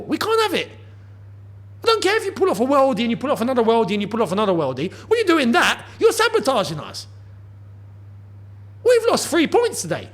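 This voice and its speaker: A man's voice: very high-pitched, a bit bright. A man hosting a football channel, delivering an exasperated, emphatic post-match rant with lots of repetition.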